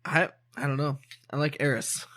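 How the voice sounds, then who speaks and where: A man's voice: on the high side, little pitch movement, normal speed, fairly bright tone. A man on a casual gaming podcast, talking hesitantly and unsure of himself. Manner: hesitant, unsure, many fillers. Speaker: podcast co-host.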